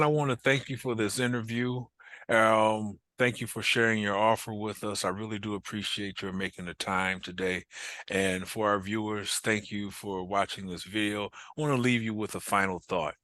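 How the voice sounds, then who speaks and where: A man's voice: fairly low pitch, fairly even intonation, normal speed, pushed and bright. A man hosting an interview, speaking politely with slight hesitations. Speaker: interview host.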